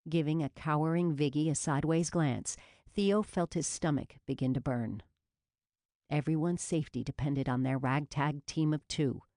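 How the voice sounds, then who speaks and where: A woman narrating a police novel as an audiobook in an even, measured reading. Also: low-pitched, no echo, clean studio sound. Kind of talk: scripted narration.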